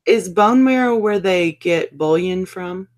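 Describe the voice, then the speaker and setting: A woman in a casual chat, curious and quick with odd questions. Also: fairly low pitch.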